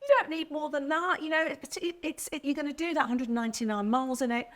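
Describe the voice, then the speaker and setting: A woman's voice: high voice, fast, fairly bright tone. A woman presenting a car show in an upbeat, chatty and emphatic way. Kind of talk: casual studio chat.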